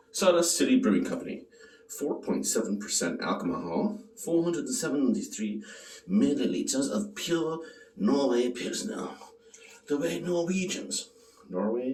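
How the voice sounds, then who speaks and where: A man's voice: mid-range voice, reverberant, recorded from a distance. A man casually tasting and reviewing a beer on his vlog, joking and swearing as he rambles.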